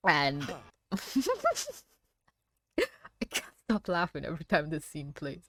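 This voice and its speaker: A woman's voice: low voice, slow, fairly bright tone, a little hiss or hum. A woman reviewing a cartoon episode in reaction commentary, swearing freely, ranting, and often breaking into laughter. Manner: profane, laughing often, rants. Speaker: animated series reviewer.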